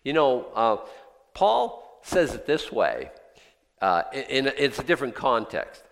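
A man preaching a sermon in a church, conversational and animated, with jokey asides. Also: mid-range voice, measured pace, creaky, big-room sound, a little hiss or hum. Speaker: pastor.

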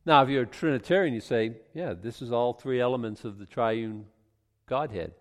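A man's voice: medium pitch, moderate pace. A man giving informal verse-by-verse Bible teaching in a conversational way, often restarting and adding asides. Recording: long hall reverb.

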